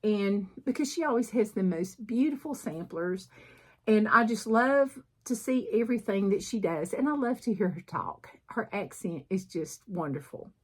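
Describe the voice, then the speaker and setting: A middle-aged Southern woman with a husky, slightly breathy voice, talking through her needlework in a loose, rambling way. She keeps pausing to clear her throat. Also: medium pitch, expressive. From southern United States. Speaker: cross stitch vlogger. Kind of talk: casual chat showing needlework projects.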